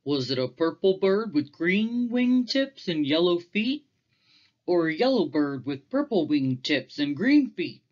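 A woman's voice: lowish voice, very animated, unhurried, a little mellow, lo-fi sound. A woman voicing a good-natured, puzzled father bear in a storybook read-aloud, questioning and bemused.

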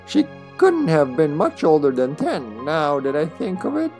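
A man's voice: fairly high pitch, wildly swooping pitch, a little slow, a little mellow, faint music behind, pitched above the performer's own voice, full character voice. A man putting on a sly ancient crone. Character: wizened ancient old crone, sly and knowing.

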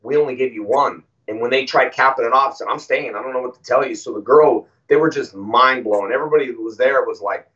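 A man's voice: medium pitch, fast, few pauses. Man telling stories from a distance. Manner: animated, acts out quoted dialogue. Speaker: guest. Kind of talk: casual interview storytelling. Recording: distant, muffled audio.

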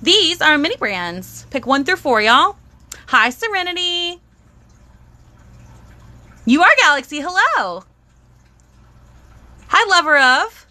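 A woman's voice: high voice, very animated, slow, pauses often, bright, forceful tone. A young woman, chatting bubbly on a live stream as she unboxes toys and greets viewers.

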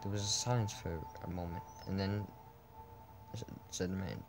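A man's voice: deep voice, steady tone, moderate pace, noisy background. A man reading a text adventure game aloud as a let's play, often stumbling over words and breaking off with puzzled asides.

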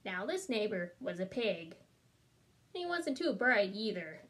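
A woman reading a storybook aloud as a smooth-talking male wolf, chatty and wry in tone. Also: medium pitch, sing-song, unhurried. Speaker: storybook reader. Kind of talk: children's read-aloud.

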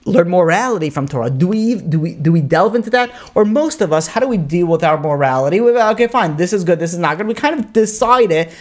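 A man teaching a casual Torah class as a rabbi, animated and talking through many quoted voices with frequent fillers. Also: sits high, fast talker, hardly any pauses.

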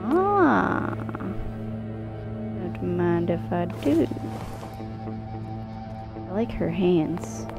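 A woman's voice: fairly low pitch, very animated, very slow, vocal fry, pauses often, over music. A woman casually commenting on a live game stream, reading in-game notes aloud and swearing now and then while she chats with viewers. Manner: casual and profane, talks to chat.

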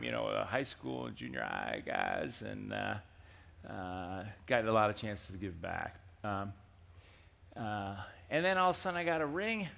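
An older man, a company CEO, speaking at a conference fireside chat and telling animated stories with acted-out dialogue. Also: medium pitch, vocal fry. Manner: animated storyteller, acts out quoted dialogue. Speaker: CEO being interviewed. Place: conference stage.

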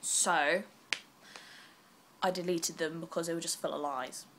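Rambling young woman, bright voice. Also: lowish voice, fairly even intonation, a little hiss or hum. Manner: rambling and self-deprecating, quick asides. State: unwell. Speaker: vlogger. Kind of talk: casual vlog chat.

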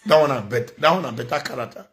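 A man's voice: medium pitch, lively intonation, fast talker, a bit bright. A man with a Nigerian accent giving a ranting vlog commentary, scolding and preaching, repeating phrases for emphasis.

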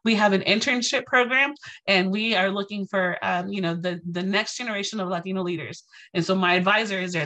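A woman from Texas gives a lecture built around her own story, talking straight to a live audience. Her voice is bright and forward, and she acts out each quoted exchange with animation. She keeps checking in with the crowd as she goes. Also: mid-range voice, steady tone, brisk. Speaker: guest speaker.

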